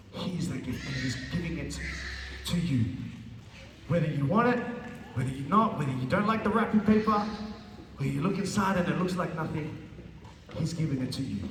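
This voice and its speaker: A man's voice: medium pitch, distant mic, background noise. A male pastor preaching and telling a story in an earnest way, often repeating himself and restarting phrases. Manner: earnest, repetitive, halting restarts. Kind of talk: sermon with storytelling. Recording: echoey hall, voice from afar.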